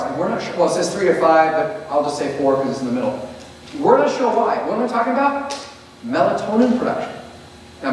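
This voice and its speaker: A man giving a lively, joking talk to teachers, acting out little scenes. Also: on the high side, a little hiss or hum. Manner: animated, jokey, acts out scenes. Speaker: teacher presenter. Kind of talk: workshop presentation to teachers. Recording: echoey hall from far off.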